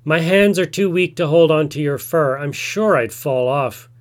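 A man's voice: on the high side, moderate pace, close to an everyday voice. A man voicing a lazy, boastful male spider trickster who feigns weakness, in a told folk tale. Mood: feigning weakness.

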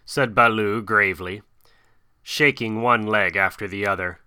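Crisp, bright-voiced male storyteller. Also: lowish voice, no room sound, clean studio sound. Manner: measured, expressive reading. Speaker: narrator. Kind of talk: storybook reading.

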